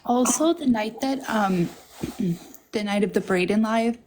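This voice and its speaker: A woman joining a livestream chat, speaking in a pointed, deliberate way. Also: mid-range voice, darkish tone, slight background noise. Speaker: livestream guest.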